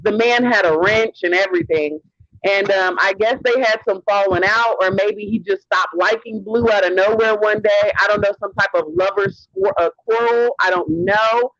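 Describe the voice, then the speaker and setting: A man's voice: high-pitched, moderate pace, fairly bright tone, dry recording. A man hosting a livestream, delivering a heated rant in a sassy, profane way and calling people honey. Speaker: livestream host. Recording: dull lo-fi stream audio.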